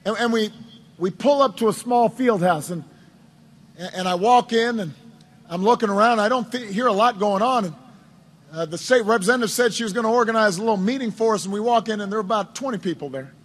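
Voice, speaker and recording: A male politician addresses supporters at his campaign office, spinning a lengthy story at a fairly quick clip. His voice is markedly high, and he keeps circling back over his own words while slipping in dry, humorous asides.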